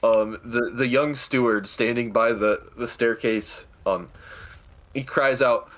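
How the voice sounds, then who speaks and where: A man's voice: medium pitch, steady tone, takes it slowly, fairly bright tone. A man narrating as game master of a tabletop game, hesitant with restarts. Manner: hesitant, many fillers and restarts.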